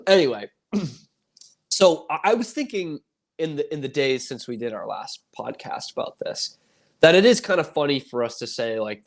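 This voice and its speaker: A man co-hosting a casual sports podcast, ranting in a rambling way and acting out quoted voices. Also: mid-range voice. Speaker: podcast co-host.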